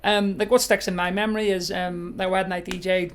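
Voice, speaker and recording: A man's voice: sits high, little pitch movement, brisk, clear, resonant tone. A man from Northern Ireland co-hosting a wedding DJ podcast, rambling in casual chat with many fillers. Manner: rambling, lots of you know and sort of.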